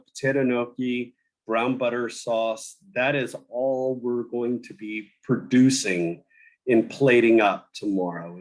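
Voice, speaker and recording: Slow, halting male cooking teacher. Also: on the low side, low-quality recording. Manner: slow, with many fillers and restarts. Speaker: cooking instructor. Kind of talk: online cooking class.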